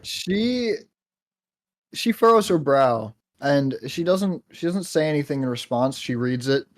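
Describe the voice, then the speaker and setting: A man's voice: a little high, animated, measured pace. A man playing a tabletop role-playing game, casually describing his character's actions with fillers. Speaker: player.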